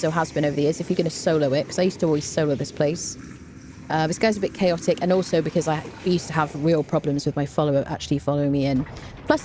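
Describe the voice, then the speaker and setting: A woman's voice: low voice, dark tone, slight background noise. A woman streamer giving chatty, rambling live commentary while she plays a game, often saying "there you go.".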